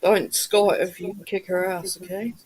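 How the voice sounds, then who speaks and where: A woman's voice: on the low side, flat delivery, normal speed, darkish tone, husky, rough recording. A woman with a New Zealand accent, hosting a casual livestream chat with viewers, blunt and swearing freely. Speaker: livestream host.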